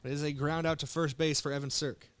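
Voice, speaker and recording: A young man from South Dakota calling baseball play-by-play with relaxed, joking banter between pitches while fighting the hiccups. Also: quick pace. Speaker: play-by-play announcer.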